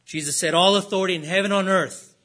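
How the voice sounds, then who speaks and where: A man preaching a sermon in an earnest way, rising for emphasis and then dropping low and slow. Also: steady tone, pushed and bright.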